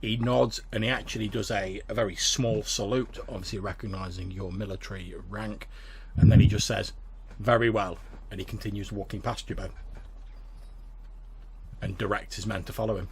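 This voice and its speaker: Male game master, gravelly voice, casual rambling narration, faint background hiss. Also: lowish voice, fairly even intonation, fairly quick. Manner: casual, rambling, filler-heavy.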